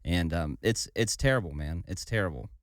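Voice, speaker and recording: A man hosting an interview, a former Marine, speaking in a somber, halting way. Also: low-pitched, expressive, no room sound, clean studio sound. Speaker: podcast host, former Marine. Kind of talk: casual interview chat.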